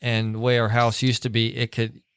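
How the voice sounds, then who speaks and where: A middle-aged man spins a long, winding story in a relaxed podcast chat, slipping into the voices of the people in it. His voice sits in an ordinary middle register, and it is recorded close and dry with almost no room sound. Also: medium pitch, normal speed, clean tone, no echo. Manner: rambling storyteller acting out quoted people. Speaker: podcast co-host. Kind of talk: casual chat.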